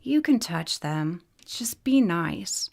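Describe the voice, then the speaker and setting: A kind female fairy healer speaks gently and teases a patient, as a woman narrator reads her part. Her voice sits on the lower side for a woman, calm and storybook-like. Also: takes it slowly, vocal fry, full character voice. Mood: teasing. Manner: gentle and teasing.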